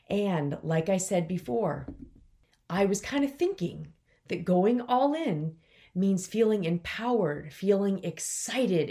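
A business coach in her forties, with a mellow mid-range voice, talks candidly on her own solo podcast. She's emotional and on the verge of tears, working hard not to cry.

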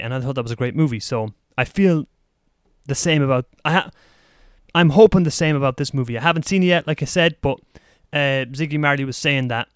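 Recorded in studio quality with no echo, this smooth, mid-range male voice belongs to a solo podcast host living in Taiwan. He chats loosely about films, occasionally chuckling at his own remarks.

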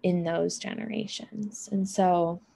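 Slow, gravelly-voiced woman musing aloud. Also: fairly low pitch, steady tone, mellow. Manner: unhurried, musing, often adds "right?" and "you know". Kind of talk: reflective monologue on emotions and healing.

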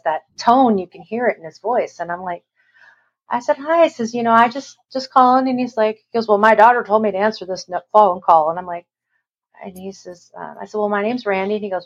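A woman's voice: medium pitch, a little fast. A middle-aged woman, an interview guest, tells a personal story in a rambling way and acts out the voices of the people she quotes. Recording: dull lo-fi recording.

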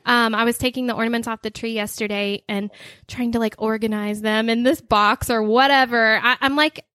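A woman's voice: on the high side, steady tone, a little fast, sharp tone, no room sound, clean studio sound. A woman in her thirties, co-hosting a podcast in casual chat, rambling with lots of fillers. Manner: chatty, rambling storyteller with many fillers. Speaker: podcast co-host.

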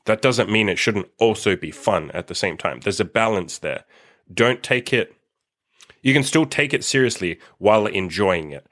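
A young man talks through a solo podcast in a casual, blunt way, cursing freely. His voice sits on the low side. He keeps slipping into little acted-out snippets of dialogue. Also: lively intonation, moderate pace, fairly bright tone. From Australia. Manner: blunt, swears freely, acts out quoted dialogue. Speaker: dating coach podcast host.

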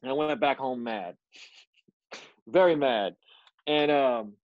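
Man, missionary guest, earnest storytelling, mid pitch, dull lo-fi sound, dry close recording. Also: takes it slowly, no room sound. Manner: earnest, animated, repetitive restarts. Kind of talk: personal storytelling.

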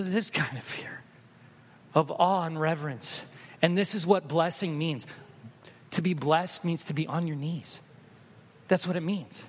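Male pastor, high voice, sermon swinging from quiet story to loud exhortation, reverberant room. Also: husky. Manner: swings from hushed storytelling to loud, emphatic preaching.

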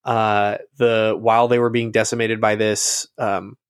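A man co-hosting a casual chat, profane and animated, often slipping into other people's voices to tell a story. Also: lowish voice, a little slow, clear, resonant tone.

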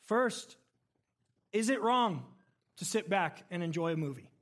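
High-voiced male pastor preaching conversationally. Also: a little slow. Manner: conversational, animated storytelling with laughs. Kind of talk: sermon.

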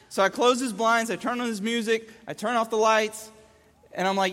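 A man preaching a sermon, an animated storyteller who acts out scenes as he talks. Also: high voice, fast. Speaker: pastor. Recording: long hall reverb.

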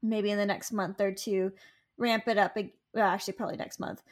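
A woman co-hosting a casual chat, playful and quick to laugh. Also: mid-range voice, little pitch movement, crowd noise. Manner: giggly, playful, jokes around. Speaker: podcast co-host.

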